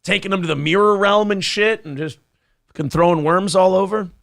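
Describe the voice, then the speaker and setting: A man's voice: high voice, a little fast, vocal fry, fairly bright tone, no room sound, studio quality. A man co-hosting a morning talk show, joking crudely and reading viewer comments aloud. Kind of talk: crude casual banter.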